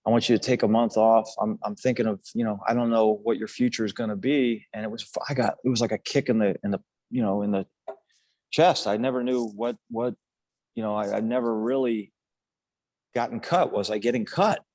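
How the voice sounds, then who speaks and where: A man's voice: lowish voice, a little mellow, no echo. An older man, a former national team player, telling his story casually on a podcast, earnest and rambling with many restarts and fillers.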